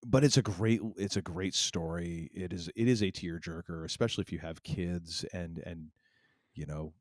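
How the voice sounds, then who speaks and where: A middle-aged man co-hosting a podcast, telling a story in casual chat and acting out family quotes with animated energy. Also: low voice, normal speed, no room sound, studio quality. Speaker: podcast co-host.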